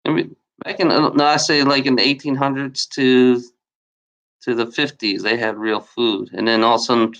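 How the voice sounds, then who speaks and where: A man's voice: mid-range voice, steady tone, normal speed, a bit bright, dull audio. A man venting angrily in a rambling, profane video rant, repeating himself often and saying he has been lied to. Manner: angry, feels lied to. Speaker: YouTuber.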